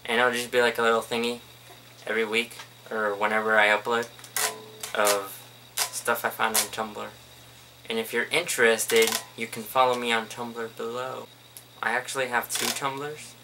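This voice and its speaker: A man's voice: mid-range voice, little pitch movement, moderate pace, noisy background. A young man rambling casually and jokingly to the camera in a home vlog. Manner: rambling, offhand, jokey. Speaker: vlogger.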